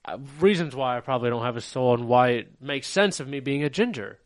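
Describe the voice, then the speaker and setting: A young man co-hosting a podcast, needling his friend with deadpan teasing. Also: medium pitch, brisk. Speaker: podcast co-host. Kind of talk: casual podcast banter.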